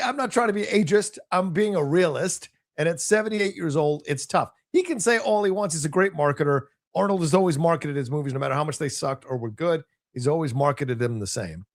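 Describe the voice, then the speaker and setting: A male co-host with a fairly high, very lively voice that swings up and down. He talks bluntly and skeptically in casual movie banter, often breaking into exclamations. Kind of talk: casual movie news chat.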